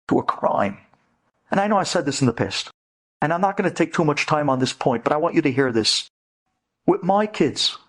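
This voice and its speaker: A man, a rabbi, giving an inspirational storytelling lecture to women, dramatic and prone to loud, emphatic bursts. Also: on the high side.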